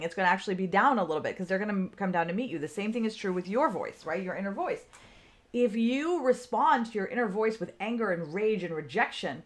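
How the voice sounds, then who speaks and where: Woman telling a personal story. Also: mid-range voice. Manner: conversational, often checks in with the listener. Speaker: speaker on self-care.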